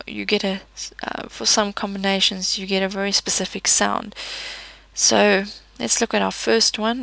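A woman teaching a pronunciation lesson, explaining patiently with pauses, fillers and small self-corrections. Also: mid-range voice, vocal fry, fairly bright tone, no room sound, rough recording. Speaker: French teacher.

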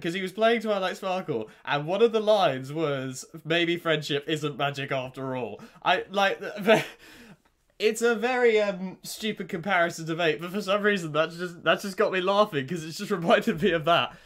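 A man's voice: high-pitched, normal speed. A man hosting a reaction video, talking casually and emotionally, swearing and laughing often. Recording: talk over loud show music.

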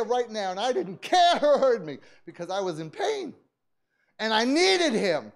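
A pastor preaching to his congregation with a high voice that leaps all over the place. He tells his story animatedly, sinking to quiet asides, then bursting into shouts, with frequent laughter. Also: sing-song, moderate pace, creaky. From United States. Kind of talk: sermon storytelling. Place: church service.

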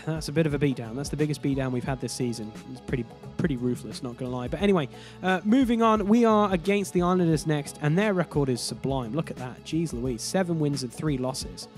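A man's voice: on the high side, brisk, few pauses, darkish tone, soft background music. Exasperated man narrating his hockey game. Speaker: gaming YouTuber. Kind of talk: casual let's-play commentary.

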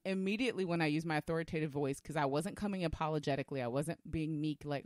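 A woman co-hosting a podcast, telling a story in a lively, assertive way in casual conversation. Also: sits low, quick pace, no echo, studio quality. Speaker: podcast co-host.

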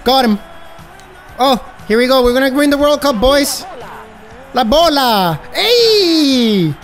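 A man giving excitable gameplay commentary as a gaming YouTuber, breaking into high yelps and laughter. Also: measured pace, soft background music.

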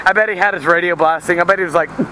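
A goofy young man with a high voice rambles and jokes as he walks along a busy road with a handheld camera. Traffic noise comes through clearly on the camera's built-in mic. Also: steady tone, very fast. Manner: goofy, rambling, yelling at passing cars. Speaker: vlogger. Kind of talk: joking walk-and-talk vlog. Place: outdoors beside a busy road. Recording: outdoor camera audio with loud traffic. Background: passing traffic.

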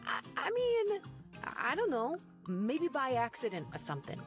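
A woman voicing a brash young hotel maid in a video game, defensive and quick to swear. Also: high-pitched, huge pitch swings. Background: game music.

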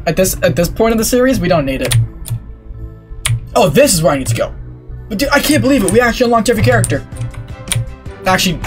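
Young man, let's play commentary, excitable, lively pitch, talks to himself, swears at the game, game music behind. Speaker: gaming YouTuber.

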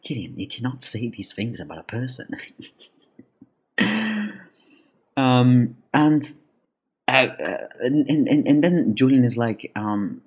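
A man's voice: mid-range voice, very animated, slow pace, long pauses, darkish tone, slightly rough. A man narrating a casual voice-over about his comic story, rambling, laughing often and restarting his sentences. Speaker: comic artist and channel host.

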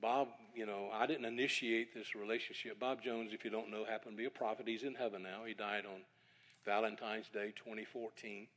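A middle-aged male preacher speaking at a church evening service. He tells a funny anecdote as a lively storyteller and keeps insisting that it is a true story. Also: on the low side, brisk.

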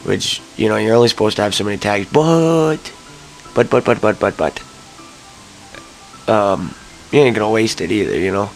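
Young man, low voice, rambling casual story, swearing, high excited yelps, faint music behind. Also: fairly quick, gravelly, long pauses, poor audio. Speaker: vlogger. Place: at home, early morning.

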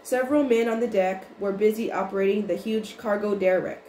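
In a roomy recording with a little faint noise, an audiobook reader narrates a storybook chapter. She speaks in a mid-range voice, reading evenly and without hurry, occasionally restarting a bit.

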